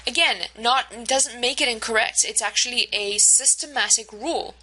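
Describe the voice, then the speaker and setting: A woman's voice: a little high, normal speed, sharp tone, poor audio. A woman teacher giving a recorded lecture over slides, explaining step by step with frequent fillers and checks like "right?".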